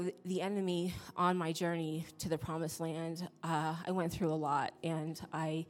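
A woman giving a church testimony, hesitant and emotional, with many pauses and fillers. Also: sits low, darkish tone. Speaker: congregation member giving testimony.

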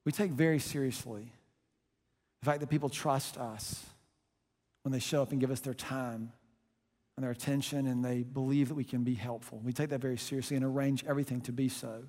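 A man preaching a sermon as pastor, pushing loud on key lines and dropping to a hush for quiet moments, in a church auditorium. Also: mid-range voice, fairly even intonation, fairly quick. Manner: emphatic preaching, swings from loud pushes to soft hushed lines. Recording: long reverb of a large hall.

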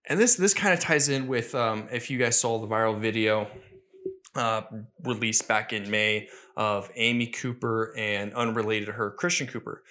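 A man's voice: lowish voice, steady tone, normal speed, sharp tone. A young man hosting a solo podcast, talking earnestly and critically about himself, often rambling and restarting his sentences. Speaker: podcast host.

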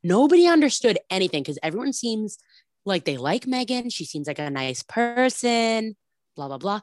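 A woman's voice: mid-range voice, moderate pace, no echo. Chatty woman retelling a story, dry sound. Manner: animated storytelling, acts out quotes, many "like"s. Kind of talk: casual chat recapping a reality show.

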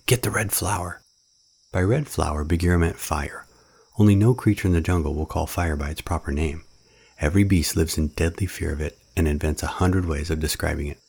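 Man, storybook narration, very low voice, husky. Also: fairly quick, darkish tone.

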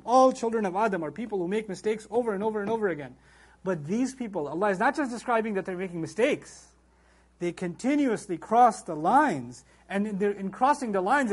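In this religious lecture on the Quran, a man with a husky voice that sits high teaches emphatically, weaving recited Arabic verses into his English explanation. He also performs the voices of those he quotes.

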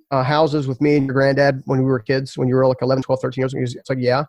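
A man's voice: mid-range voice, flat delivery, rapid-fire, darkish tone, dry recording. A man telling his story as a podcast guest, earnest and emphatic, often repeating words.

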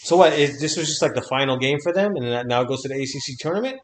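Quick-talking joking man, echoey room. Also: medium pitch, animated, slight background noise. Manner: quick, joking, asks lots of questions. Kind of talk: casual chat.

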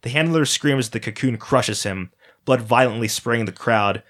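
A man reading a dark first-person story aloud as a storyteller, in a dramatic, steady manner. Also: mid-range voice, moderate pace.

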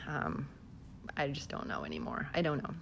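Holding her phone at home, a Southern US vlogger talks casually to camera with plenty of laughter and filler words. Her low, gravelly, slightly bright voice swings widely in pitch at normal speed, and there's a little hiss or hum.

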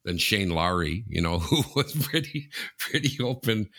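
A man with a very deep voice and a bright, forceful edge co-hosts a sports chat show. He talks bluntly and jokingly, often stumbling over repeated words. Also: lively intonation, unhurried. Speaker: podcast co-host.

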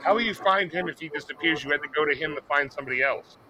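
A man co-hosting a podcast, reacting to a film with animated, wisecracking remarks. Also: a little high, rapid-fire, crowd noise. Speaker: podcast co-host. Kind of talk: casual movie watch-along chat.

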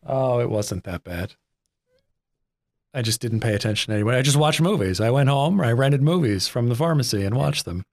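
A man's voice: mid-range voice, animated, normal speed, darkish tone, no echo. A man, co-hosting a podcast in a rambling, self-deprecating, jokey way. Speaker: podcast co-host. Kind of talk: casual chat.

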